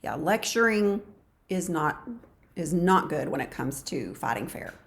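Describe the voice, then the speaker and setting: A woman co-hosting a marriage advice show, agreeable and steady, summing up each point. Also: sits low, measured pace, a little hiss or hum. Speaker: co-host of a marriage talk show. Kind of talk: casual advice talk.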